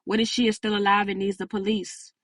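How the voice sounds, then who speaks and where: A woman voicing a level-headed young woman friend who gives calm, firm advice. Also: medium pitch, brisk, no echo, studio quality, natural voice.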